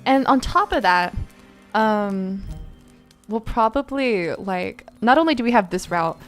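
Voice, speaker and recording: A woman's voice: mid-range voice, expressive, unhurried, soft background music. A tired young woman streamer chatting casually, rambling with lots of fillers and laughs.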